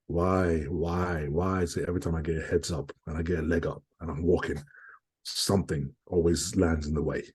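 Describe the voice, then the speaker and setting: Interviewed as a guest, a young British professional bodybuilder speaks earnestly with a dark, mellow tone and a deep, husky voice. He keeps circling back to the same phrases and performs other people's words as he tells his story.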